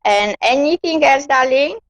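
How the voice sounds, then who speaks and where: A woman giving a gentle live-stream psychic reading, calling her listener darling. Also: high-pitched, expressive, a little slow, dry recording. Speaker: psychic card reader. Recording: dull lo-fi dry sound.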